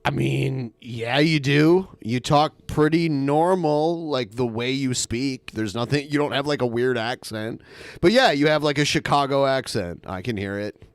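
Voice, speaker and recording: A man's voice: medium pitch, a little slow, no echo. A man co-hosting a podcast, chatting casually and mocking the clips he plays. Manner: mocking, wisecracking. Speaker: podcast co-host.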